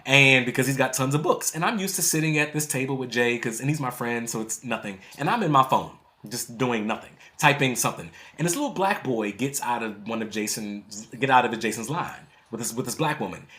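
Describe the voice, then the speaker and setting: Guy in his 30s telling a story on a podcast, lively, acts out what people said, laughs a lot, middle pitch. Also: a little fast, few pauses. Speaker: poet and author guest. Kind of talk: animated storytelling in conversation.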